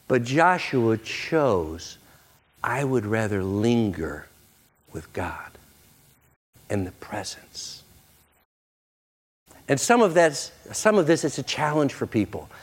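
A male pastor preaching a sermon to a congregation, jokey and animated, slipping into playful voices for quoted lines. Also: medium pitch. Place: church sanctuary with congregation.

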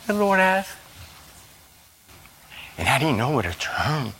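A man preaching a sermon in a slow, halting way, repeating words and swinging suddenly between a low murmur and a high, loud cry. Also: big pitch swings, slight background noise. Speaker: pastor.

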